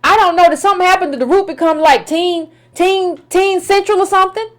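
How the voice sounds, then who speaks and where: A woman's voice: extremely high pitch, a little fast, a bit bright. A woman political commentator delivering an opinion rant, emphatic and colloquial, repeating herself and firing rhetorical questions.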